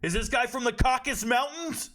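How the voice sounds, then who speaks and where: A brash young man breaks down an upcoming fight in loose, profane slang. His voice sits high and comes out bright and forceful. He talks straight to his viewers. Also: brisk. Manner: brash, animated, trash-talking with slang and profanity. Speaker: fight prediction host. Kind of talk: casual sports commentary.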